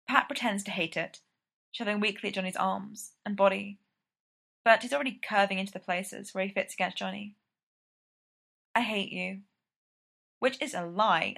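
Creaky-voiced woman reading a story. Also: medium pitch, fairly bright tone. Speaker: reader. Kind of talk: reading fiction aloud.

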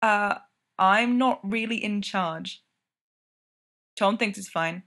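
A woman's voice: mid-range voice, slow, fairly bright tone. A woman reading a story, voicing an easygoing young man, a hockey player, who speaks in a mild, offhand way.

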